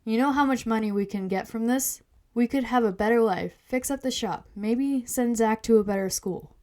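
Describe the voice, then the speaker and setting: A woman's voice: fairly high pitch, normal speed, a little mellow, close to an everyday voice. A woman voicing a secretive, worried father with a hidden past in a storybook podcast, earnest and confessional. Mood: scheming.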